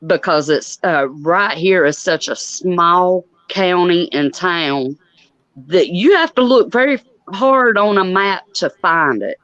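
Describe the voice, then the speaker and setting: Slow-talking woman from Georgia. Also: fairly low pitch, lively intonation, fairly bright tone, poor audio. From Georgia, USA. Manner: chatty, drawn-out storytelling. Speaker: channel host. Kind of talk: casual group chat.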